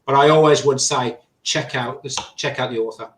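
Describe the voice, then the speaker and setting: An English podcast guest from England tells his stories in a lively, conversational way, acting out what other people said. His voice is medium in pitch and moves at a normal speed, and the recording has a roomy echo.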